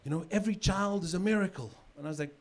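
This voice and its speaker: High-voiced stand-up comic man. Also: rapid-fire. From South Africa. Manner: conversational, with filler repeats and sudden shouted punchlines. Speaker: stand-up comedian. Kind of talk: stand-up comedy set. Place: comedy stage with a live audience. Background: audience laughter.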